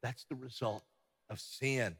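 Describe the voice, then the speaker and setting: A pastor giving a sermon, swinging between loud emphatic passages and hushed ones. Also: male voice, mid-range voice, steady tone, measured pace, gravelly, breathy edge. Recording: long hall reverb.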